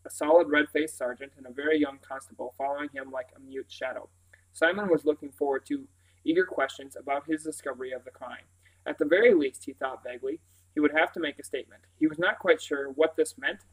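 A man reading a children's novel aloud in a steady, plain narrating voice. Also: a little high, a little fast, rough recording. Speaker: reader.

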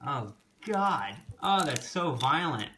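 Animated young man hosting a travel vlog. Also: on the high side, slow pace. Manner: playful, joking, animated reactions. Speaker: vlog host. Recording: noisy background ambience.

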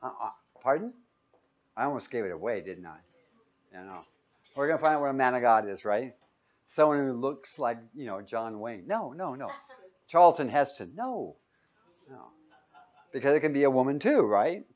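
A man's voice: medium pitch, moderate pace, long pauses. A man teaching a Bible lesson as a sermon, joking and quizzing his listeners. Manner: jokey, asks the audience questions; lively, swings between loud and quiet.

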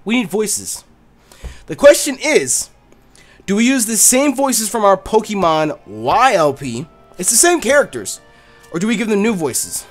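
A man's voice: sits high, big pitch swings, unhurried, soft background music. A man doing rambling, profane let's play commentary while gaming. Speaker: gaming YouTuber.

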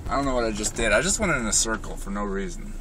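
A man's voice: fairly low pitch, expressive, fast talker. A young man talking to himself while driving, rambling and joking, recorded from a distance with road noise behind. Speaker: vlogger. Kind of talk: casual talk while driving. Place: in a car.

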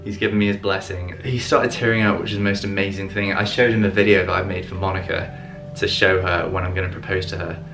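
A young man in casual vlog talk, earnest and excited, laughing often. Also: low-pitched, quick pace, hardly any pauses, over music. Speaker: vlogger.

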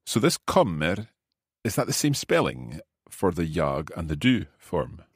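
Deep Scottish man, husky and lively. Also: no room sound, clean studio sound. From Scotland. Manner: repeats phrases slowly and carefully, laughs easily. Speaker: podcast host and language learner. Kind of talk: conversational language lesson.

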